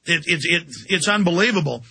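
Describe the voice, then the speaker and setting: Gravelly, tense ranting male host. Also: sits high, fairly quick, pushed and bright. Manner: ranting, intense, repeats words when heated. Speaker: radio host. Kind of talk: angry political rant.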